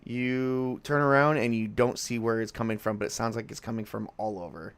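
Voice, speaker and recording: A man's voice: medium pitch, fairly even intonation, a little fast, clear, resonant tone, no room sound. Man, game master, tabletop horror narration, casual, stumbles and restarts.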